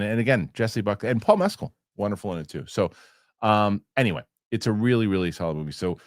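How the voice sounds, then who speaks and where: Animated deep-voiced man chatting. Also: dry recording, clean studio sound. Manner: rambling with many restarts. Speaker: host. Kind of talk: casual chat.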